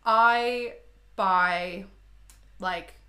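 A woman's voice: mid-range voice, very slow. Easygoing woman in casual chat. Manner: relaxed listener, short agreeing replies. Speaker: podcast co-host.

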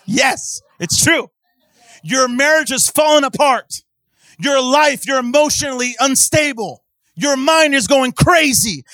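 A man preaching a sermon in church, swinging from hushed talk to impassioned shouting and calling out to the congregation. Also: extremely high pitch, lively intonation, a little slow, dry recording, clean studio sound. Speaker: pastor.

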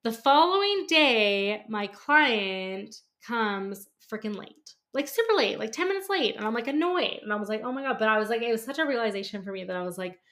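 A woman's voice: on the high side, animated, moderate pace, hardly any pauses, a bit bright. A woman hosting a podcast who tells a story in a chatty, casual way, laughs often, swears now and then and fills her talk with "like". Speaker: podcast host and lash artist.

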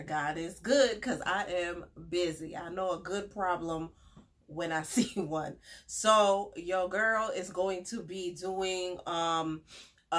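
Raspy, stuffy-voiced woman podcast host. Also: lowish voice, fairly bright tone. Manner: chatty, upbeat, many fillers. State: hoarse and stuffy from a cold. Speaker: podcast host, respiratory therapist. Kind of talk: casual podcast monologue.

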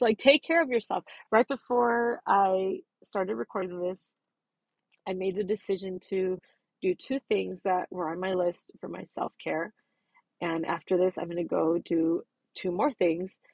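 A woman's voice: medium pitch, creaky, a little mellow, slightly rough, no room sound. A woman in her thirties talking through a personal reflection, earnest and self-affirming, stressing her words by repeating them. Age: 30s. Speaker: podcast host.

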